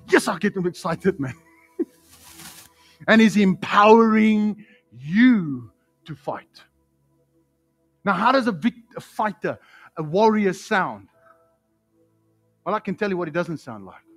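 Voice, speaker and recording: A man with a New Zealand accent preaching a sermon in a church, fiery and excitable, swinging from shouts to hushed tones and calling listeners bro. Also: high-pitched, slow, pauses often, husky, faint music behind. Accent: New Zealand English. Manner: casual slang, calls listeners bro and man. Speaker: pastor. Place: church hall.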